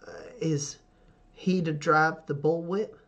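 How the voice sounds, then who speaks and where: Guy doing a shy stiff warrior woman, halting and deferential, slow and careful. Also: on the high side, steady tone, fairly bright tone, voice pushed up. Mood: dutiful. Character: timid, stiff woman warrior, dutiful daughter.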